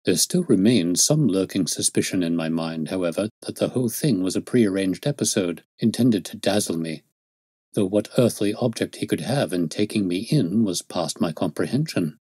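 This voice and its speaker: A man reads a classic story aloud in a measured, even storytelling manner. His voice is low and husky. The recording is close and dry, with no room sound. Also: no room sound. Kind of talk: audiobook narration.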